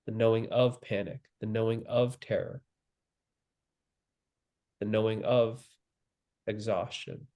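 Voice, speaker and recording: A man giving a spiritual teaching, speaking calmly and slowly with long pauses and repeated phrases. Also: fairly low pitch, muffled recording. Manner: calm, slow and repetitive, with long pauses. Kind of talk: slow guided spiritual teaching.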